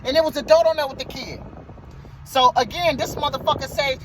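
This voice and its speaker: A man's voice: extremely high pitch, fairly even intonation, fast, fairly bright tone, slight background noise, poor audio. A man who drives a motor coach bus tells a story in a casual vlog, heated and profane, and he repeats himself.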